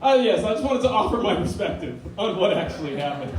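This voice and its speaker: A man's voice: sits high, fast talker. Young man laughing through a stand-up bit. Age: young adult. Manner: animated storytelling, laughing through his lines. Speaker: club president and comedian. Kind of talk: stand-up comedy. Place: campus comedy venue. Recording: echoey room recorded from far away, crowd laughter. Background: audience laughing.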